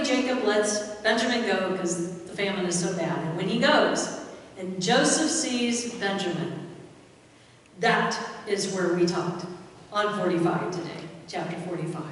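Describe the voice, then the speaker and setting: A woman pastor preaching a sermon, retelling a Bible story with quoted voices and rhetorical questions to the congregation. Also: fairly high pitch. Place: church sanctuary. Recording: echoey church hall, mic far off.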